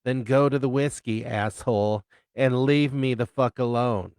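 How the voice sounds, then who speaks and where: A man's voice: mid-range voice, normal speed, no echo, lightly acted. A man voicing a rude, snarky male bartender who talks in a sneering, curt way. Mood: snide.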